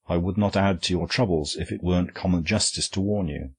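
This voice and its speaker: A man voicing a small, quiet middle-aged priest detective who speaks in measured, grave tones in an audiobook. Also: deep voice, slightly rough. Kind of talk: audiobook character reading.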